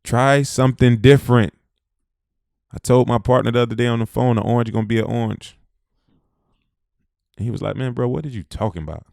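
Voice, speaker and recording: A man's voice: medium pitch, fast talker, gravelly, a little mellow, no room sound, studio quality. A man giving a motivational talk, hammering points home by repeating short phrases. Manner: preachy, repeats phrases for emphasis, Southern US speech. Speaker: motivational speaker.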